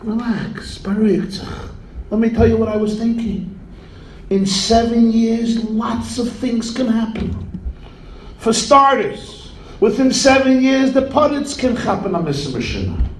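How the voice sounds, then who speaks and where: A man's voice: extremely high pitch, expressive, a little slow, reverberant, far from the mic, slight background noise, voice pushed up. A man voicing a poor, carefree male water carrier who talks in a light, coaxing way.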